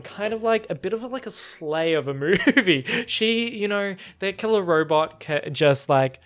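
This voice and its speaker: A young Australian man in his twenties, hosting his own podcast and telling stories in an animated, self-mocking way. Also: on the high side. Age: 20s. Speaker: podcast host. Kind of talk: casual solo podcast storytelling.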